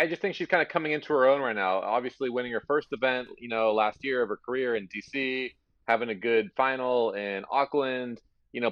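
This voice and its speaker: A man co-hosting a tennis podcast, talking in a relaxed, hesitant way with many fillers. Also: mid-range voice, dry recording. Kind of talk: casual sports chat. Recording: dull dry sound.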